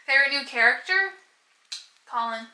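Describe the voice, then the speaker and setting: Bright chatty young woman, roomy sound. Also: high voice, expressive, normal speed. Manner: chatty, giggly, rambling. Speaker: book vlogger. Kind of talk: casual chat.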